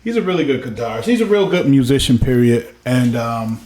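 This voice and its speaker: A man co-hosting a podcast, chatting casually and telling lively stories. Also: medium pitch, a little fast, echoey room. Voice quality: animated storyteller, slips into imitated voices. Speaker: podcast co-host. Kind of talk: casual chat.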